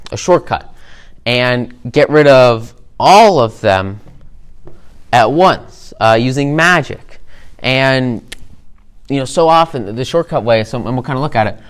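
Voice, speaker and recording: A man casually talking through a cartoon episode in a relaxed, upbeat way, rambling with many fillers and repeated words. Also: medium pitch, smooth. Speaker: host.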